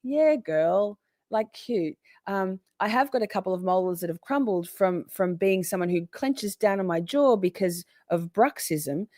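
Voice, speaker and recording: Australian woman, livestream host, casual chat, animated, dry close sound. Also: measured pace, dry recording. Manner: animated, jumps into high exclaims and quoted voices.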